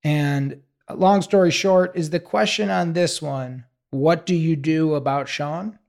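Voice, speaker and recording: A man's voice: fairly high pitch, takes it slowly, creaky, darkish tone. A man co-hosting an advice podcast, playful and profane, goofing around as he gives advice. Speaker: podcast co-host. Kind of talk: casual podcast chat.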